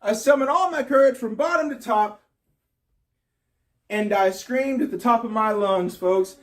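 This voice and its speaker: Man, very high voice, animated stand-up storytelling, distant mic. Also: measured pace. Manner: animated, breaks into high yelps and laughter. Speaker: stand-up comedian.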